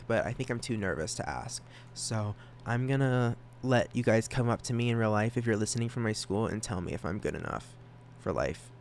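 Rambling, excitable young man. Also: medium pitch, a little hiss or hum. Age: young adult. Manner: rambling, excitable, self-conscious, with stammered restarts. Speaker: podcast host. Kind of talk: solo casual podcast chat.

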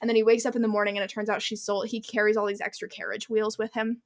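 A woman's voice: mid-range voice, quick pace. A woman co-hosting a podcast, chatting casually as she retells a story, full of "like" and acting out the characters' lines. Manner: animated storyteller, heavy use of "like", acts out quotes. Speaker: podcast co-host. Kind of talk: casual chat recapping a book.

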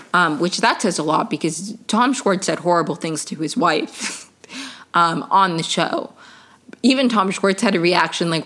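Young woman, podcast host, exasperated casual rant, filler words, mid-pitched voice. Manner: exasperated, animated, swears, many fillers.

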